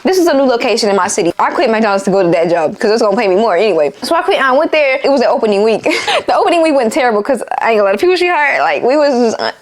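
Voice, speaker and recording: Young woman, casual storytime rant, rapid delivery, fairly high voice, exasperated slang. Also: expressive. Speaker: vlogger.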